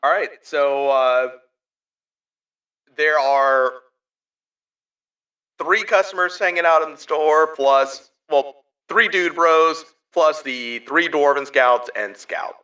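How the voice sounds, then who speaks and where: A man game-mastering a tabletop role-playing session, rambling along with plenty of fillers. His voice sounds bright and forceful, and he sits a little away from the microphone. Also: a little high, slow, pauses often, recorded from a distance, rough recording. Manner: rambling, laughing, many fillers.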